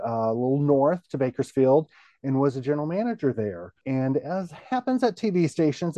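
A middle-aged man, a guest on the show, telling his career story in a relaxed, rambling way full of "you know" fillers. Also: mid-range voice, dry recording. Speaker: guest, TV station general manager.

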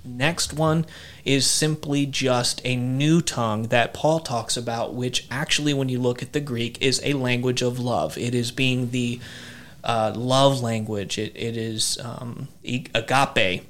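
A man talking through ideas about faith in an even, level voice that barely rises or falls. He speaks at a measured pace, stops to hunt for the right word and often restarts a sentence. It sounds like a relaxed conversation between two people. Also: medium pitch. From southern Ohio. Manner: measured, searching for words, restarts.

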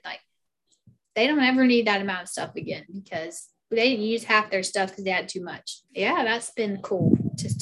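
A woman from South Carolina with a Southern accent, chatting casually as an interview guest, full of fillers and "like"s. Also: medium pitch.

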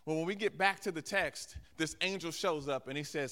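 A man's voice: fairly high pitch, fairly quick, few pauses, bright, forceful tone. A man, a guest pastor, preaching a sermon live in a church and acting out voices in the dialogue he tells. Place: church sanctuary with balcony. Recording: church hall reverb.

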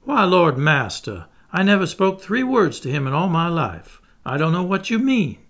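A man's voice: fairly high pitch, very animated, moderate pace, a bit bright, pitched above the performer's own voice. A man voicing an enslaved man who pleads earnestly with his master, claiming innocence. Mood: pleading.

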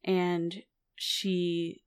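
A woman playing a tabletop game, telling her character's story in an animated, expressive way. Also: on the low side, extremely slow, clean tone. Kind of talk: casual chat and role-play storytelling.

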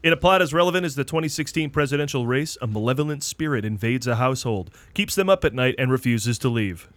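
A man's voice: medium pitch, expressive, quick pace, dry recording. A man co-hosting a movie podcast, reading wry scripted previews and chatting. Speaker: podcast co-host.

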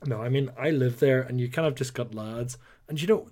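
A man's voice: medium pitch, brisk. Chatty Northern Irish man. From Northern Ireland. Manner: chatty, animated storytelling with playful put-on voices. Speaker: podcast co-host. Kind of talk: casual chat.

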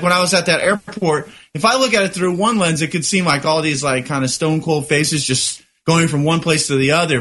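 A man's voice: a little high, a bit bright. A man co-hosting a podcast, talking earnestly and reflectively about spiritual ideas, often searching for his words. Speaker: podcast co-host. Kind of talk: casual spiritual discussion.

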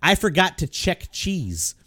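A man's voice: a little high, a little slow, dry recording. A young man co-hosting a podcast, telling stories in casual chat with lots of swearing and laughter. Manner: animated storytelling, swears often, laughs. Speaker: podcast co-host.

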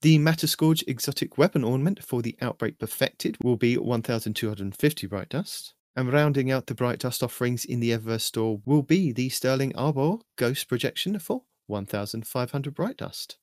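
Male host, scripted game news rundown, steady delivery, mid pitch, dry sound. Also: normal speed, few pauses, dry recording. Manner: steady, even list-reading delivery. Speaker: host of a weekly game update.

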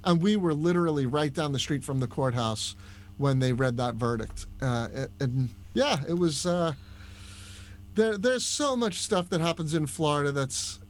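A man with a Long Island accent, a podcast guest telling stories in a casual, animated chat. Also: on the high side, moderate pace. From Long Island, New York. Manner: storytelling, animated, with restarts. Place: Orlando, Florida.

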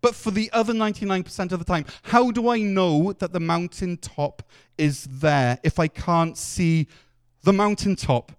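A man's voice: high voice, moderate pace, clean tone. A man preaching a sermon, telling the story earnestly and acting out the quotes. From Wales.

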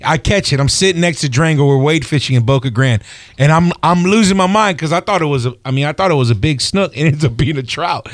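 Brief: male talk radio host, lively fishing yarns, close dry mic. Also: on the high side, dry recording. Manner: animated storyteller, laughs often. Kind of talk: casual fishing radio chat. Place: radio studio.

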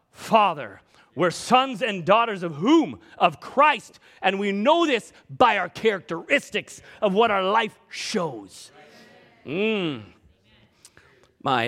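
A man preaching a sermon, his voice sitting high and swooping up and down with animation. He swings between emphatic outbursts and quiet asides as he works through scripture. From Scotland. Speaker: pastor.

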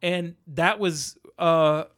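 Rambling, animated male podcast host. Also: on the high side, very slow. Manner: rambling, animated storyteller, acts out quotes. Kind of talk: casual movie chat.

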